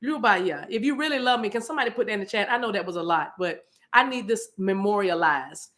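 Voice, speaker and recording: A woman's voice: medium pitch, fast talker, a bit bright. A woman from the eastern United States, preaching spontaneously to a live chat, fervent and repetitive, breaking into speaking in tongues. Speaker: spiritual livestream host.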